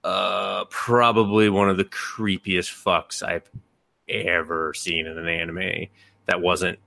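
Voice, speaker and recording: A man's voice: deep voice, flat delivery, slow, creaky, pushed and bright, no echo. Rambling, swearing podcast guy. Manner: rambling, filler-heavy and profane. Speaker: podcast host. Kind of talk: casual chat.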